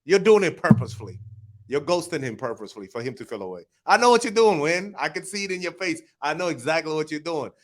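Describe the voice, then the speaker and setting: A man hosting a podcast, talking casually and giving blunt, direct advice. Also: on the high side. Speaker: podcast host. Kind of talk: casual chat.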